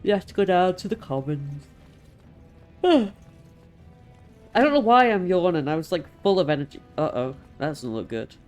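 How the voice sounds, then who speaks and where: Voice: mid-range voice, lively intonation, normal speed, long pauses, faint music behind. A streamer talking through a game, chatty and exasperated, swearing and laughing at it. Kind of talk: live game stream commentary.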